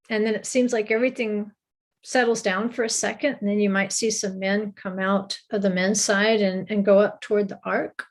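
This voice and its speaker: A woman's voice: mid-range voice, steady tone, moderate pace. A woman teaching a recorded Bible lesson, explaining with small restarts and an occasional light laugh.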